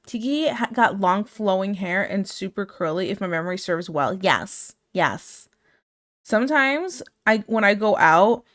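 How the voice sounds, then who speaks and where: A woman streaming casually, chatting and laughing as she reads out her chat. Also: mid-range voice.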